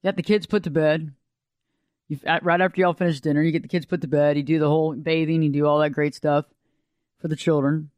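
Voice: medium pitch, flat delivery, fast talker, darkish tone, dry recording. A radio talk show host, delivering a folksy, conversational monologue.

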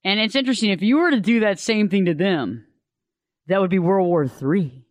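Male advice speaker, high and clear, dry close sound, animated delivery. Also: moderate pace, dry recording. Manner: animated, acts out quoted voices. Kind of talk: casual advice monologue.

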